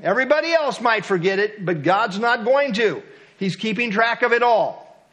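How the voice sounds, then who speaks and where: A man with a notably high-pitched voice preaches a verse-by-verse sermon. He speaks earnestly and reflectively, dropping to a softer tone when he reads a poem or quotes a commentator. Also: expressive, normal speed. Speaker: pastor. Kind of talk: expository sermon.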